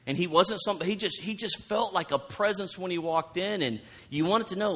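A man's voice: sits high, normal speed, few pauses, fairly bright tone. A man preaching a conversational sermon, who often repeats words and asks his listeners questions. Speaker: pastor.

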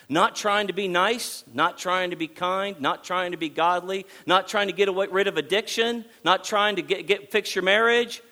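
A man from Texas, preaching a sermon in an animated way, often restarting and repeating phrases. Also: sits high.

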